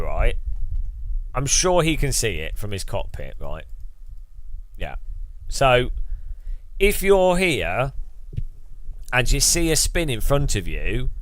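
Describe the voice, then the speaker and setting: A man's voice: mid-range voice, dry recording. A man with a Midlands English accent, streaming live and commenting on a racing game in a chatty, joking way, often exclaiming.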